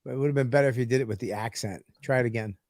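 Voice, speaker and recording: A man's voice: medium pitch, racing, darkish tone, dry recording, studio quality. A man co-hosting a comedy podcast, bantering crudely and laughing often. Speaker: podcast co-host. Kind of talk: casual comedy chat.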